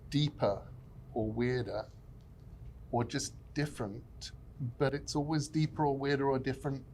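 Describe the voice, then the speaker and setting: A man's voice: medium pitch, darkish tone, a little hiss or hum. A man who created the series, speaking thoughtfully and with enthusiasm at a panel. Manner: thoughtful, enthusiastic, builds lists of adjectives. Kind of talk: panel discussion.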